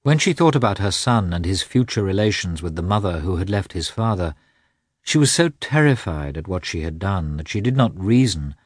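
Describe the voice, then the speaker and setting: A man reading a classic novel aloud as an audiobook narrator, in measured, expressive storytelling. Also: low-pitched, no echo, clean studio sound.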